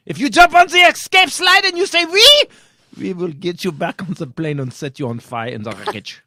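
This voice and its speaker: A man putting on a strict German male flight attendant voice, shouting clipped orders. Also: a little high, animated, brisk, hardly any pauses, husky, no room sound. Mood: barking.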